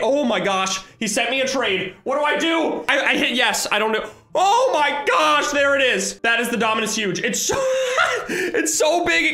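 Excitable high-voiced young man, echoey room. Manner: excitable, exclaiming, rambling. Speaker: gaming YouTuber. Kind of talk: excited gameplay commentary.

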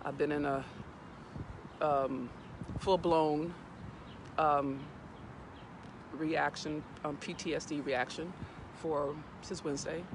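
This host has a deep voice as she walks outside in the morning, holding her phone and talking casually to camera. Earnest and emotional, she repeats words while collecting herself, with plenty of noise around her.

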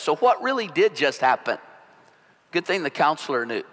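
A male pastor preaching a sermon in a relaxed, conversational, joking storytelling manner. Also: fairly high pitch, moderate pace. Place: church sanctuary. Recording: long hall reverb.

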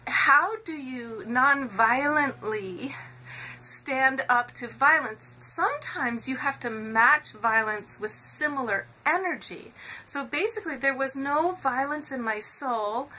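A woman hosts her own show with a motivational talk. Her voice sits high and rings bright, and she speaks in an earnest, animated way, urging her listeners to act. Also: slow pace, a little hiss or hum, poor audio. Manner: earnest and animated, acts out quoted shouting in a raised voice. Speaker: host.

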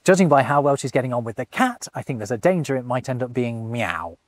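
Lively man presenting in a dry studio. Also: medium pitch, quick pace, dry recording. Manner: animated, enthusiastic explainer. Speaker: host. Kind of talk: scripted presenter narration.

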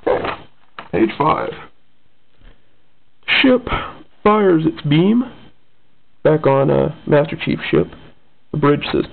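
A man's voice: on the high side, big pitch swings, takes it slowly, creaky, pauses often. A man casually reading his own comic aloud, with rambling asides. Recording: tinny lo-fi phone-like sound.

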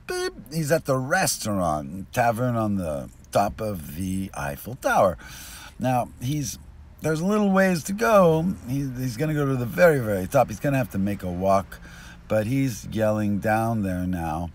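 A man telling a rambling joke outdoors on a street, losing his thread and swinging between mutters and bursts of loudness, recorded binaurally. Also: lowish voice, expressive, unhurried. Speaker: street storyteller.

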